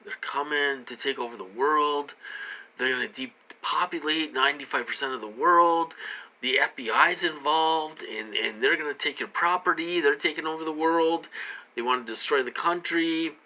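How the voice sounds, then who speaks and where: A man's voice: fairly high pitch, bright, forceful tone, poor audio. A man talking to camera in a casual vlog, rambling with many fillers and restarts, his voice rising and dropping with emphasis. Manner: rambling, halting, many fillers and repeated words. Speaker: vlogger.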